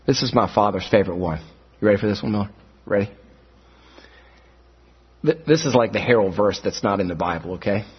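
A middle-aged man preaching a sermon in a chapel, swinging between high, loud, fast outbursts and low, quiet asides. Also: breathy edge. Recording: muffled dull recording.

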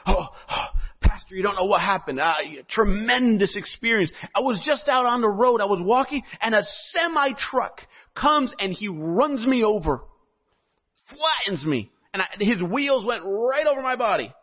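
A man voicing a panicked, breathless young man who pleads in a frantic, high-pitched way. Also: lively intonation, normal speed, husky. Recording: dull lo-fi recording.

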